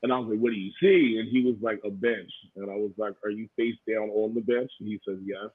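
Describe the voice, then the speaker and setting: Husky profane man on a tinny line. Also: fairly low pitch, fast, dry recording. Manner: profane, boisterous, joking. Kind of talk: casual chat. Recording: tinny phone-like dry sound.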